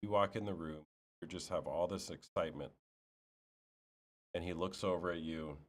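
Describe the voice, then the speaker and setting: Deep-voiced teasing American host. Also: male voice, moderate pace. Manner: teasing, joking, lays out scenarios. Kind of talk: casual street interview.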